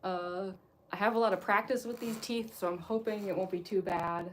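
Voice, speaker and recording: A young woman hosting a cosplay livestream chats casually as she gets into costume, her voice medium-pitched and steady at a moderate pace with a faint hiss or hum. She rambles, filling her speech with fillers and restarts, and chuckles often. Later, costume teeth give her a slight lisp.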